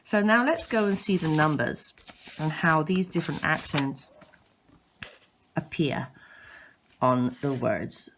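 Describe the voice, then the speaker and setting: Slow, low-voiced woman teaching patiently. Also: lively intonation, a bit bright, a little hiss or hum. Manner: patient, repeats and demonstrates sounds, occasional self-corrections. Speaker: language teacher. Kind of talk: slow instructional explanation.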